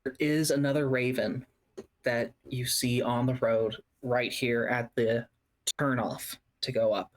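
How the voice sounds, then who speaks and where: A tabletop game master who narrates at an unhurried, measured pace. The descriptions unfold slowly, with pauses between phrases as the scene is built up. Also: mid-range voice, level tone.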